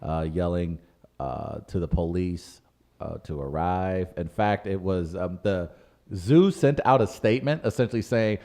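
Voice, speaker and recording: A man's voice: sits low, a little slow. A man co-hosting a comedic podcast, ranting with big energy and frequent laughter. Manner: animated, ranting, laughs often. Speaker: podcast co-host.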